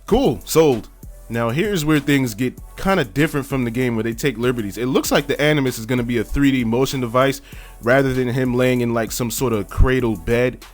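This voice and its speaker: A man's voice: mid-range voice, brisk. Male host, chatty and joking, mid-range voice, light music under him. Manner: joking, chatty, laughs often. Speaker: video host. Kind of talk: casual trailer commentary.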